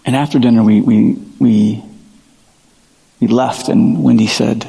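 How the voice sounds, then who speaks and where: A man's voice: medium pitch, fast talker, vocal fry, dark tone, in a large hall. A middle-aged man preaching a sermon as pastor, conversational and self-deprecating in his storytelling.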